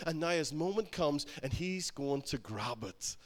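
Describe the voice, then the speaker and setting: A male pastor preaching a sermon, emphatic and repetitive, building to loud exhortation. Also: a little high, normal speed.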